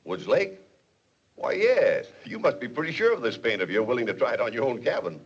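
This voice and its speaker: An actor playing a cautious, businesslike school board official in a 1940s film comedy, speaking in a measured, official way. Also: male voice, mid-range voice, sing-song, lightly acted. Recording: muffled 1940s film soundtrack with hiss.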